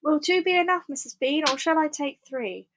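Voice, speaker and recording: A big, dutiful servant woman, put on by a woman reading a storybook, eager to please and raising her voice higher than the narration. The voice is read close to the microphone. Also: normal speed, noisy background.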